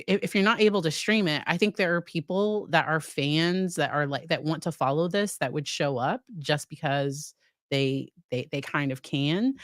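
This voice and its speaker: Speaking in a fairly low register, this female psychologist riffs on a court case for her live-stream audience. The sound is clean studio quality without echo, and her delivery is loose and chatty, full of fillers and restarts as she addresses chat members by name.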